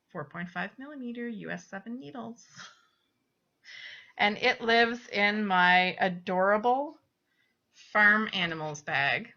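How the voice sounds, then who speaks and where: A woman's voice: mid-range voice, bright, forceful tone. A woman hosting a casual knitting show-and-tell, chatty and giggly, often apologizing, filmed in a small cramped spot at home. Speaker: podcast host. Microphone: webcam. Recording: dull lo-fi webcam audio.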